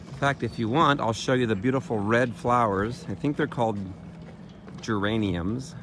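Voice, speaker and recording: A man giving a casual walking tour by a lake in a playful, chatty way, pausing often with "uh". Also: mid-range voice. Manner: playful, chatty, with frequent "uh" pauses. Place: outdoors by a lake. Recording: outdoor background noise.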